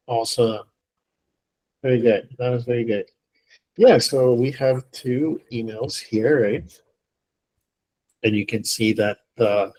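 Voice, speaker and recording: A man's voice: medium pitch, dark tone. A man teaching an online English class, playful and encouraging, joking with his students.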